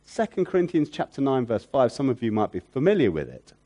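A man preaching a sermon who repeats key phrases for emphasis, asks rhetorical questions, and moves between loud emphatic peaks and hushed, soft lines. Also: mid-range voice, wildly swooping pitch, fairly quick.

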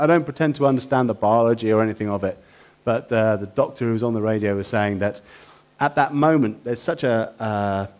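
A man's voice: mid-range voice, a little mellow. A preacher giving a sermon, a man who keeps asking his listeners rhetorical questions.

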